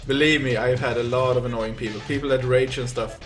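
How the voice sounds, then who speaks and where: A man's voice: mid-range voice, steady tone, fast, a bit bright, soft background music. A young man from Sweden with a Swedish accent, chatting casually on a live gaming stream and rambling through stories with many fillers.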